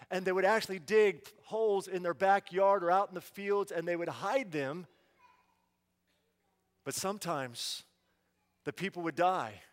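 A man preaching, telling a parable in the first person and acting out the dialogue with animation. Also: high voice. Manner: animated, acts out the story with quoted dialogue. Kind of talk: dramatic first-person sermon storytelling. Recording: long hall reverb.

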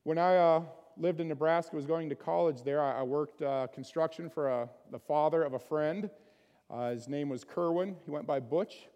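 A man's voice: fairly high pitch, normal speed, dark tone, clear, resonant tone, big-room sound, lo-fi sound. A man preaching a sermon in a conversational way, often putting questions to his listeners. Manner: conversational, asks the congregation many questions. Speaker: pastor.

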